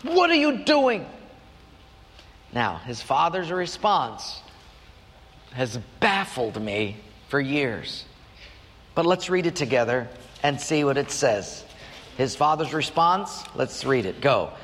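A pastor preaches a sermon in church, earnestly telling a personal story and often lifting his pitch suddenly. His voice is animated, slow, and fairly bright, with long church hall reverb on the recording.

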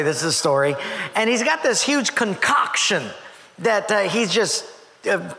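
A male pastor preaching a sermon in a church, with a conversational, joking manner and slowed, emphatic stresses. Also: high voice, pushed and bright, big-room sound.

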